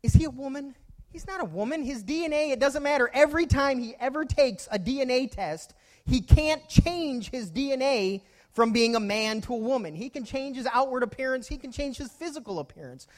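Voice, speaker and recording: Preaching from the pulpit, a pastor with a very high voice weaves homely stories and direct questions to his listeners into his sermon. He is animated and brisk.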